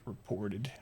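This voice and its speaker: A man's voice: on the low side, a bit bright, a little hiss or hum. A man streaming live, chatting casually and rambling with sarcastic asides, with a faint regional American accent.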